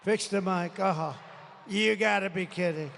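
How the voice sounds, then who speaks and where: A man with a strained throat giving a rambling, combative campaign rally speech, swinging between muttering and shouting, recorded live at a large rally venue. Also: sits high, moderate pace, gravelly, a little hiss or hum. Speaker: political candidate. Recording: live rally with long reverb.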